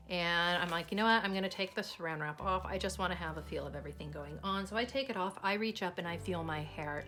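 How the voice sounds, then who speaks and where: Female budget vlogger with a lower voice, chatty and storytelling, drops dollar figures mid-story over faint music. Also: a bit bright. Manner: chatty, breaks into laughs, reads out dollar amounts between story beats. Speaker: budgeting channel host. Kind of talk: casual vlog storytelling.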